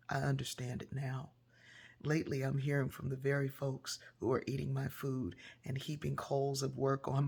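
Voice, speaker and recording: Woman, casual storytelling, gravelly, husky, soft near-whispers at times. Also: very deep voice. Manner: warm, conversational, drops to soft near-whispers. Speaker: speaker and author.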